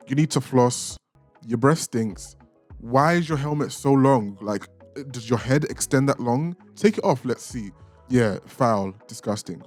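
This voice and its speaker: A man's voice: medium pitch, darkish tone. A young man hosting a reaction channel, casually ranking film characters with playful, opinionated jabs. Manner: chatty, opinionated, playfully insulting.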